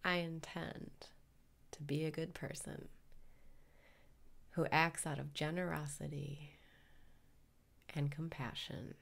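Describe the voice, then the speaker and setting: Woman doing a joke meditation, slow and soft, lots of fry, half whispered. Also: sits low, steady tone. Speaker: meditation guide. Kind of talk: guided meditation parody.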